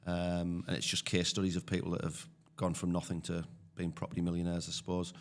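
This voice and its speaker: A man with a deep, low voice and a Teesside accent. He talks in a loose, chatty way, full of fillers, like a guest on a casual podcast. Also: monotone, a little fast. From Teesside, England. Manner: chatty storyteller, many fillers. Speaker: guest, property investor.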